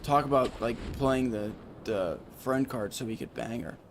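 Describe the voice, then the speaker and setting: A man's voice: medium pitch, expressive, unhurried, slight background noise. A man streaming a video game, chatting casually and sarcastically with his viewers. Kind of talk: casual gaming stream chat.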